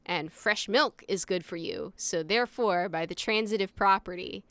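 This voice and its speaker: Smooth-voiced chatty woman podcast host. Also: mid-range voice, moderate pace, a bit bright, dry recording. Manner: laughing, wry and chatty. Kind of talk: casual chat.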